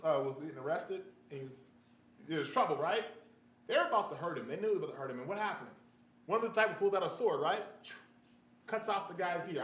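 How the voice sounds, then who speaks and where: A man delivers a sermon in a quick, conversational rush, his voice sitting a little high. He keeps checking in with the congregation and explains ideas with everyday examples. The church room echoes around him, with a faint hum of ambience. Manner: conversational, animated, frequent "right?" asides. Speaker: pastor.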